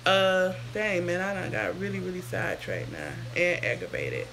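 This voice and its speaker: A woman's voice: on the low side, huge pitch swings, normal speed, vocal fry, a crowd in the background. A woman, hosting a casual hair livestream while sick and answering viewer comments. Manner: chatty, sidetracked, answers comments aloud. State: sick, sounds under the weather.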